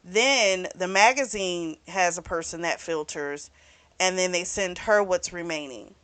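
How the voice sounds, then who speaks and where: A woman's voice: on the low side, a little slow, a bit bright, smooth. A young woman giving a casual book review, chatty and often laughing, with little asides as she retells the story.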